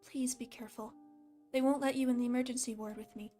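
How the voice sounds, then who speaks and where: A guarded, desperate skeleton hero from a fan story reading, read by a woman with a slight lisp. The voice sits fairly high, and faint music plays behind it. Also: steady tone, quick pace, warm tone, natural voice. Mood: pleading.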